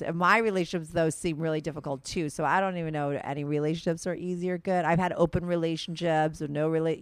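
A woman's voice: on the low side, fairly bright tone, dry recording. A young woman hosting a podcast in casual chat, candid and rambling, with lots of "like" fillers. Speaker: podcast host.

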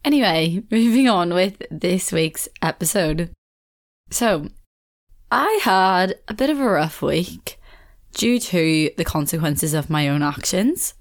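A young woman from Northern Ireland with a Belfast accent hosts a casual solo podcast, chatting in a rambling way and laughing often. Her voice is on the low side, with lively intonation, and she speaks slowly.

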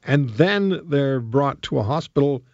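A male talk radio host whose pitch swings widely as he needles, jokes and pushes his guests. He speaks into a studio microphone, and the broadcast sounds dry and slightly dull. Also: expressive, measured pace, a little mellow, no echo. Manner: combative, rhetorical and jokey.

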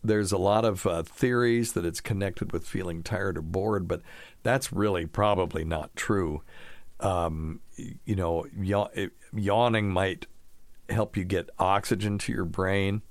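A man's voice: sits low, steady tone, measured pace, dry recording. A middle-aged man hosting a call-in radio show, talking casually and bluntly, with offhand scoffing asides. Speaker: radio show host answering caller questions.

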